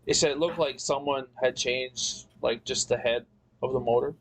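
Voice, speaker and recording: A man's voice: medium pitch, steady tone, normal speed, a bit bright, slight background noise, poor audio. A man telling a long story in a casual chat, rambling and cursing, often restarting his sentences. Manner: rambling, profane, frequent restarts. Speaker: podcast guest.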